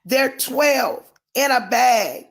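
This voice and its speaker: A woman preacher on a live stream, ranting emotionally and speaking straight to her viewers by name, often rising to shouts. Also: high-pitched, lively intonation, extremely slow.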